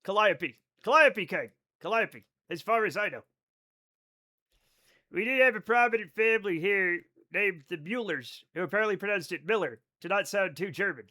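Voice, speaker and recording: A young man streams a game live, chatting casually and cursing freely as he reads chat aloud and riffs on the messages. His voice sits high, pushed and bright, with lively intonation and a moderate pace.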